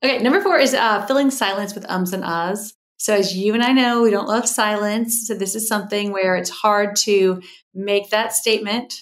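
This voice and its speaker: A middle-aged woman, a guest expert on a podcast, explaining communication habits in a lively way and acting out quoted voices. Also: medium pitch, normal speed. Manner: animated, acts out quoted voices, explains in lists. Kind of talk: podcast interview.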